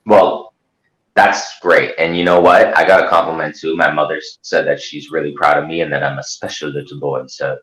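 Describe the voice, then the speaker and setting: A male host chatting casually, rambling and animated, slipping into loud mocking voices. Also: rumbling low, moderate pace, roomy sound, rough recording. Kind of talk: casual chat.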